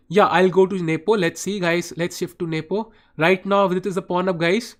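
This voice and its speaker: High-voiced man streaming chess. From India. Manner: chatty, addresses chat viewers by name, often says "guys". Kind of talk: live stream commentary.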